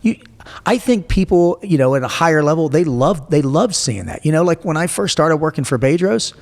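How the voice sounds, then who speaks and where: Man, forties, gravelly voice, blunt and profane, casual storytelling, long reverb. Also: on the high side, expressive, a little fast. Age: 40s. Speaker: guest.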